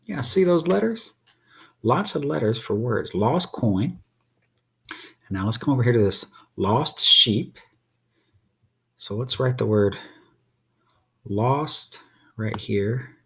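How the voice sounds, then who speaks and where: Guy teaching little kids to sound out words, lots of ups and downs in his voice, kinda husky. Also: fairly low pitch, animated, a bit bright. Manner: sounds out letters slowly, asks children questions. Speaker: children's teacher. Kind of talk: slow children's phonics lesson while drawing.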